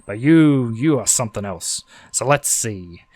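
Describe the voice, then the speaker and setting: A man's voice: medium pitch, animated, unhurried, a little mellow, no room sound. An Australian man reading a story game's text aloud and making sarcastic jokes between lines. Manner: sarcastic, joking. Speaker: game streamer.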